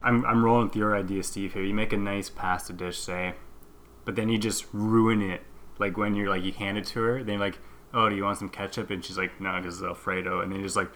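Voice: low-pitched, fairly even intonation, brisk, fairly bright tone, slight background noise. A comedy podcast co-host giving mock-serious bad advice in a dry delivery. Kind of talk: improvised comedy chat.

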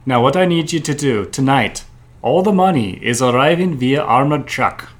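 A man's voice: medium pitch, lively intonation, moderate pace, natural voice. A man voicing a bossy, stingy male boss in comedy improv.

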